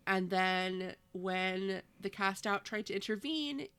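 A woman's voice: mid-range voice, slow, a bit bright, smooth. A woman recapping a book in casual chat, with wry, sarcastic asides. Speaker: podcast co-host.

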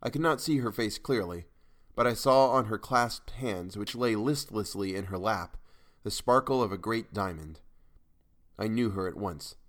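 A man reads a first-person story at an unhurried, even pace. His voice sits on the lower side and stays composed through each sentence. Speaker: audiobook narrator. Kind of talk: scripted narration of a short story.

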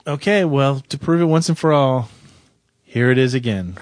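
A man co-hosting a radio show, tossing in quick, wry remarks. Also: medium pitch, expressive, no room sound, studio quality. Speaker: radio co-host. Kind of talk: casual radio banter.

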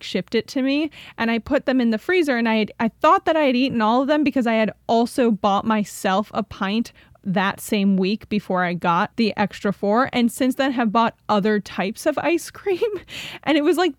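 A woman's voice: on the high side, no room sound, studio quality. Chatty young woman podcast co-host. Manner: chatty, laughs often, says "like" a lot. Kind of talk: casual chat.

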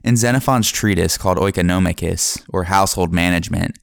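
A man narrating a history podcast from a script, in a measured reading manner. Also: sits low, creaky, dry recording, studio quality.

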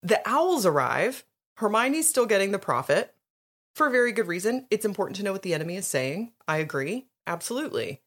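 Animated woman podcast co-host, lively pitch. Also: fairly quick. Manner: animated, laughing, swearing freely. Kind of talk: casual chat recapping a book.

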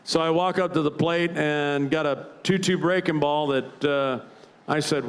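A man's voice: a little high, steady tone, measured pace. An older man, a retired ballplayer, telling rambling anecdotes in a live interview with frequent restarts and chuckles. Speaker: retired baseball player, guest.

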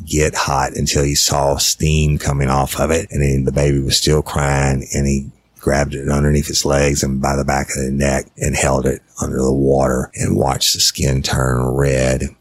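A middle-aged man telling a true-crime case in a blunt, profane, plain-spoken way as a podcast host. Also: a bass voice. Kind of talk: casual true-crime storytelling.

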